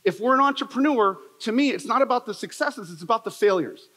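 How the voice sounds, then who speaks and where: A man's voice: very high voice, animated, fast, pushed and bright. A man giving a motivational keynote talk, telling personal stories with emphatic, repetitive phrasing. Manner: emphatic, repetitive, storytelling delivery. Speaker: motivational speaker. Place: large event hall. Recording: long reverb of a large hall.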